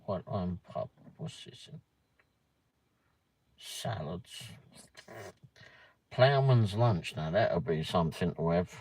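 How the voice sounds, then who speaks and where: Slow, low-voiced man muttering. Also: animated, a little mellow, husky, no echo. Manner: muttering asides with casual swearing. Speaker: livestream host. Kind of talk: casual livestream chat, reading a menu aloud.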